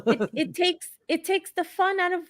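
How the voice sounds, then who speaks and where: A woman's voice: very high voice, lively intonation, normal speed, a bit bright, dry recording, clean studio sound. A woman in a casual chat, teasing and playful.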